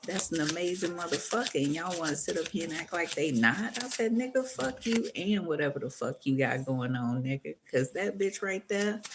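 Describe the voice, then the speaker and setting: A woman giving a casual, rambling tarot reading, full of profanity, calling viewers "boo" and "baby.". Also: sits low. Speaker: tarot reader. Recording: steady background noise.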